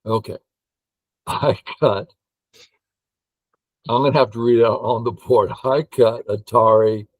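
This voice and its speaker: An older man who teaches Go, playing a game and thinking aloud in an excitable way while humming and counting under his breath. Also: mid-range voice, slow, dry recording, low-quality recording.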